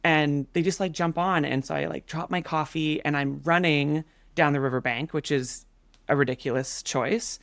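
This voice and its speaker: Animated woman telling a story, dry sound. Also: low voice, moderate pace, no echo. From Canada. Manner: animated, filler-heavy storytelling. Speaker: podcast guest. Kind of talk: casual storytelling.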